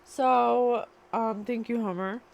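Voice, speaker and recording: A woman's voice: fairly high pitch, steady tone, slow, creaky, darkish tone. A woman channeling a spiritual reading, musing and questioning aloud as she asks spirit for answers. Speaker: psychic reader.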